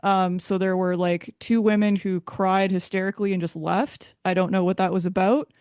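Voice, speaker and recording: A woman's voice: mid-range voice, flat delivery, normal speed, darkish tone, smooth, no echo, clean studio sound. A woman being interviewed, giving a candid personal account in a hesitant way, often restarting her sentences.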